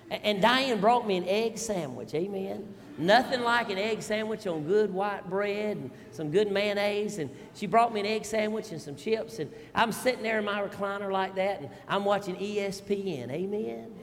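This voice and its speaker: Folksy preacher in a hall. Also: male voice, high voice, moderate pace. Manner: folksy, animated storytelling with audience asides. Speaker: pastor. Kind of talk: storytelling sermon.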